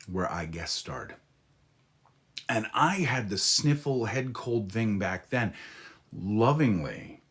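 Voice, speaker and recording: A man talking to his live audience in a casual, flirty way, all soft murmurs and teasing asides. His voice sits very low, and he takes his time, letting each word linger. He is still getting over a head cold. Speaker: voice actor chatting live with viewers. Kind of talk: casual live-stream chat.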